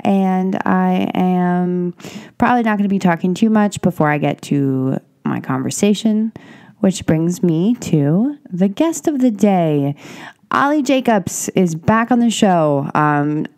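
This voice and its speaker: A woman hosting a solo podcast, rambling and self-reflective, breathy and congested with a scratchy throat from a cold. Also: lowish voice, expressive, takes it slowly, darkish tone. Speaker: podcast host.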